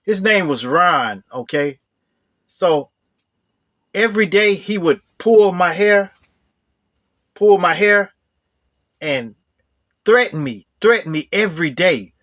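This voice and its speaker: A man with a high voice tells a personal story in a casual, conversational way. He circles back over his own phrases, repeats them, and keeps dropping in "you know.". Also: expressive, slow pace, long pauses, a bit bright.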